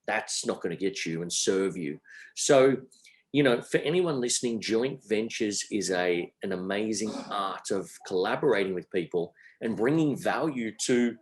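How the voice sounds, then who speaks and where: A man's voice: on the low side, expressive, moderate pace. A middle-aged Australian man as a guest on a podcast interview, speaking with energy and emphasis and repeating his phrases. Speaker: entrepreneur guest.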